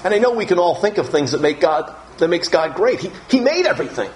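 Male pastor, sermon, emphatic, animated pitch, faint background noise. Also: fast, poor audio. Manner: emphatic, rising pitch on key phrases.

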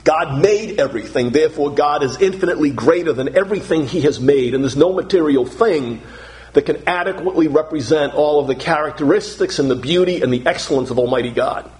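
A man's voice: fairly high pitch, brisk, darkish tone. A male pastor delivering a sermon, earnest and emphatic, often repeating words to stress a point.

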